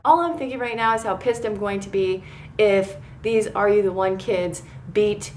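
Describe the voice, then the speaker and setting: A woman's voice: medium pitch, moderate pace. Thirtysomething woman ranting thru a reality show recap, swears a lot, gets worked up, bit of faint hiss behind. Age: 30s. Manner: excitable, profane, rambling. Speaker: TV recap vlogger. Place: bedroom.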